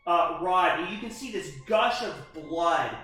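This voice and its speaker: A man narrating a tabletop horror game as game master, halting and full of restarts. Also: sits high, lively intonation, sharp tone. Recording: echoey room with music behind.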